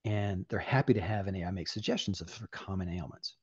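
A man's voice: low voice, fairly quick, slightly rough, no room sound, highs cut off. An older man speaking as an interview guest, telling stories animatedly and acting out the voices of people he quotes. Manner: animated storyteller, acting out dialogue. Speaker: guest, applied AI director. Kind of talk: interview conversation.

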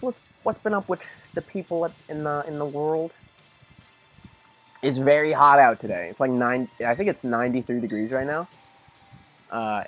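A man's voice: medium pitch, slightly rough. A young man casually rambling through gameplay commentary, tired and easygoing, now and then talking to his dog. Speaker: let's play commentator.

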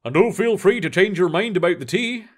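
A man voicing a rough-voiced, fit Irishman in his fifties in a story reading, with a musical Irish accent. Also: sits high, animated, a little fast, pitched above the performer's own voice.

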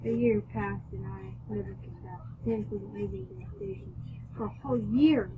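A woman reading her own fan story aloud as a video host, halting often to correct herself. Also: mid-range voice, noisy background. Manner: halting, with restarts and self-corrections. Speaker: fanfic reader and video host. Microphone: built-in or cheap mic, not a headset. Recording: dull lo-fi home recording.

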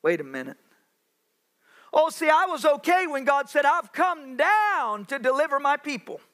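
High, bright-voiced preaching pastor. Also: male voice, sing-song. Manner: preaching with dramatic pauses, acting out Bible voices. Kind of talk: sermon. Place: church sanctuary.

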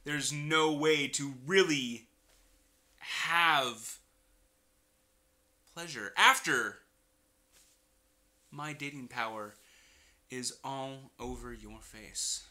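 A man's voice: medium pitch, extremely slow, long pauses, bright, forceful tone. A man giving casual, rambling gaming commentary full of crude joking asides. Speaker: let's play streamer.

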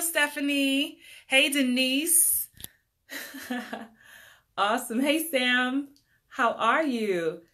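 Bright-voiced New woman chatting live. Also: a little high. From New York. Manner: chatty, laughs often, reads out viewer comments. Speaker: acting coach. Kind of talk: casual livestream chat.

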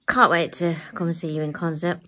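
A woman's voice: fairly low pitch, level tone, fairly quick, bright, forceful tone. A middle-aged woman, chatting casually and wearily to camera in her bedroom. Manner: chatty, tired, rambling. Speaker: vlogger. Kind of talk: casual vlog chat.

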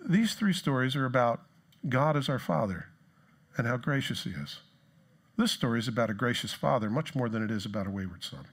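A man preaching a sermon in a church, animated, acting out the voices of people in the story. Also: mid-range voice, fairly quick. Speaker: pastor.

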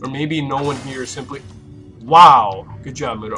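A young man commentating a horror game let's play, swearing a lot and reacting loudly with jumpy outbursts. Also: medium pitch, unhurried, faint music behind. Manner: loud, profane, jumpy reactions. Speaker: gaming YouTuber.

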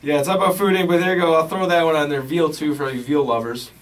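This is a man hosting a casual call-in podcast, upbeat and meandering. He leans on filler words as he thinks aloud. His voice runs a little high, and it comes through a distant mic in a small studio. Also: steady tone, quick pace, noisy background. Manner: rambling, upbeat, lots of "like". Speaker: podcast host. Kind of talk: casual radio-style chat. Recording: distant mic, roomy sound.

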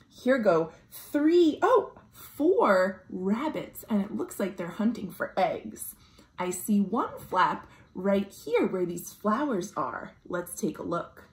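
A woman librarian doing a children's storytime read-aloud at home, animated, with delighted gasps and sing-song refrains. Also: fairly high pitch, slow pace. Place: home room. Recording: roomy home recording with faint appliance hum. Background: dishwasher running.

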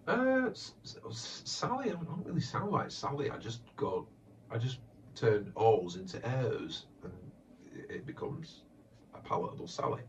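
A man's voice: medium pitch, big pitch swings, normal speed, slight background noise. A man who makes comedy voiceover parodies, answering fan questions in a hesitant, chatty way. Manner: hesitant, many fillers and restarts, chatty. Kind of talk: casual Q&A chat. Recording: distant muffled lo-fi mic.

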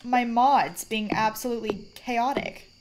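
A woman's voice: fairly high pitch, steady tone, a little slow. A woman streaming a game, chatting casually, giggling and thanking viewers. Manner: giggly, reads out chat thank-yous. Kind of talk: casual gaming chat. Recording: noisy stream audio with clicks.

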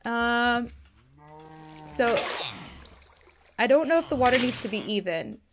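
A woman streamer giving excitable, swear-laden let's play commentary. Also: on the high side, slow, background noise. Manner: excitable, swears, laughs often.

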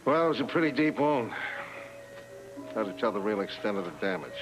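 An actor playing a worried male doctor in a 1980s daytime soap, speaking gravely and in hushed tones. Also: on the low side, expressive, brisk, music in the background, lightly acted, poor audio.

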